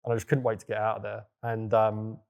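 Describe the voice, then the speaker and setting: A man's voice: on the low side, monotone, fast talker, gravelly, muffled recording. A young man telling his story in a casual, loose way, with plenty of fillers and the odd swear word. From England. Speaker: guest entrepreneur. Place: villa in Bali.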